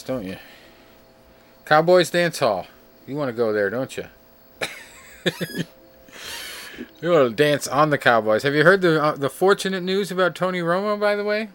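A man hosting a casual show, reading off records in a laid-back, joking way with frequent filler pauses. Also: a little high, clean tone. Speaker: podcast host. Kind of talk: casual chat.

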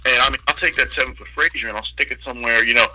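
A man's voice: mid-range voice, rapid-fire, low-quality recording. A man telling a long, profane story in casual talk, acting out the people in it as he goes. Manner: profane, animated anecdote with quoted voices.

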